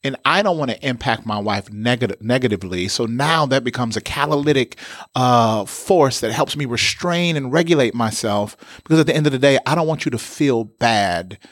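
A man's voice: medium pitch, expressive, moderate pace, fairly bright tone. A man who talks like a preacher, persuasive and declarative, in a candid conversation. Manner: emphatic, persuasive, preacher-like delivery. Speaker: pastor. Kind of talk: conversational podcast talk.

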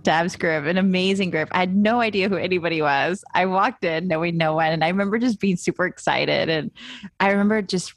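A young woman with a somewhat low voice tells her story as an interview guest. She is animated and often acts out her own past thoughts. The sound is dry and close. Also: fairly quick, no room sound. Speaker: guest, photographer. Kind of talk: casual interview chat. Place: moved to Austin.

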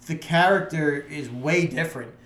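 A man co-hosting a casual podcast chat, relaxed and easygoing, often trailing off with fillers. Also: fairly high pitch, moderate pace. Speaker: podcast co-host. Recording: echoey room.

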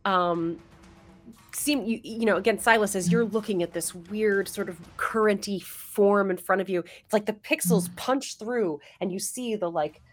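A woman narrating a tabletop game as game master, chatty and relaxed, with many fillers. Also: mid-range voice, normal speed, soft background music.

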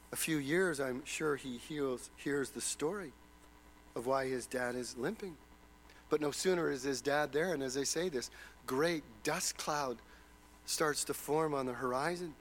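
High-voiced man preaching dramatically. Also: fairly bright tone, a little hiss or hum, poor audio. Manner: dramatic storytelling with rhetorical questions. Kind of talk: sermon.

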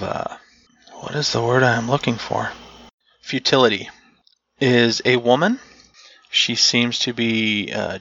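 Slow, gravelly game master on a lo-fi mic. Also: male voice, mid-range voice, pushed and bright, no echo. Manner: unhurried, searches for words aloud. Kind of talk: narrating a tabletop game.

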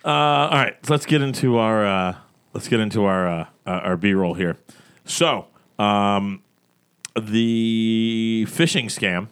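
A man's voice: fairly low pitch, slow pace, a bit bright, clear, resonant tone. A man from Florida co-hosting a podcast, joking and rambling with frequent restarts. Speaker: podcast co-host. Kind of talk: casual chat.

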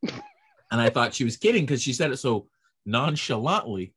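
A man's voice: mid-range voice, normal speed, slightly rough. A man, a stand-up comedian, telling stories in a casual chat and acting out the people in them. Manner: animated storyteller acting out quoted voices.

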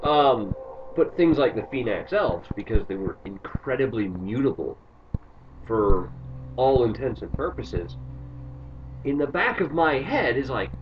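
A man's voice: medium pitch, very animated, measured pace, slight background noise. Man rambling about game lore. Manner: rambling, theatrical bursts of mock panic. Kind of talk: casual chat about games and lore. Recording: distant muffled mic with music behind.

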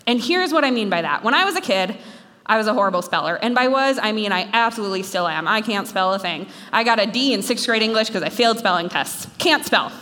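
A young woman from Minnesota giving an animated, self-deprecating talk to students. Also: medium pitch, fast talker. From Minnesota, USA. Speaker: speaker. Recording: long hall reverb.

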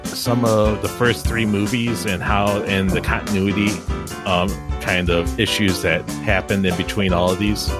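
A man's voice: on the low side, level tone, measured pace, over loud music. A man hosting a casual podcast chat, rambling and loose, with many fillers. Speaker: podcast host.

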